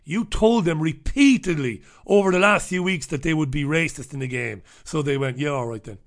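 A man's voice: a little high, normal speed. An Irish man hosting a talk radio show, ranting bluntly and swearing freely. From Ireland. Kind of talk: opinionated talk radio monologue.

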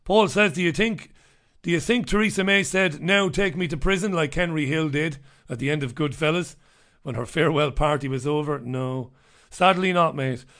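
A man's voice: a little high, moderate pace, a bit bright. A middle-aged man hosting a radio show, chatting casually and bluntly as he reads out listener messages.

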